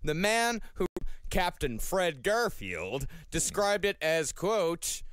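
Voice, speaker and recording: Lively man narrating a podcast. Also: sits high, takes it slowly, smooth, no echo. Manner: storytelling, reads ad copy. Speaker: podcast host. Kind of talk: comedic history podcast narration.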